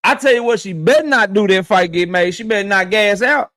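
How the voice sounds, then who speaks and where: A boxing channel host talks fast in a high-pitched, pushed, bright voice. He reads the live stream chat out loud and riffs in a loose, profane, slang-heavy, trash-talking way.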